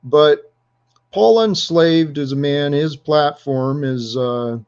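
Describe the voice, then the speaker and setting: A man hosting a casual panel discussion, speaking in a searching, halting way. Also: on the high side, darkish tone, clear, resonant tone, highs cut off. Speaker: host.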